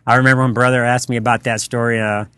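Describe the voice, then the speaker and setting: A man's voice: medium pitch, flat delivery, quick pace, bright, forceful tone, clean tone, no echo. A man with a Texan accent, a restaurant co-owner on a podcast, telling rambling anecdotes full of fillers and acting out the dialogue. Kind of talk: casual storytelling interview.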